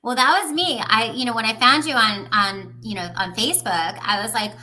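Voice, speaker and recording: A woman hosting a casual interview in a bright, sharp, slightly high voice. She gushes with enthusiasm about her guest and turns to her listeners to speak to them directly. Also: brisk, poor audio. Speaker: host.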